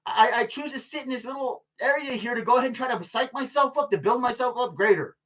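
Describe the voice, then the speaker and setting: A man's voice: very high voice, quick pace, a bit bright. An older man vlogging in a casual, rambling monologue, swearing freely and stalling on fillers. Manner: profane, rambling, many fillers and restarts; laughs between remarks.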